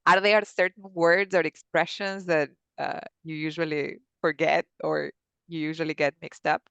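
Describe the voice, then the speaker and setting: Host on a video call asking questions, smooth clear voice, dry sound. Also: medium pitch, fairly even intonation, moderate pace, bright, forceful tone, no echo, dull audio. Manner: asks questions, brief agreeing replies. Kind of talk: casual webinar chat.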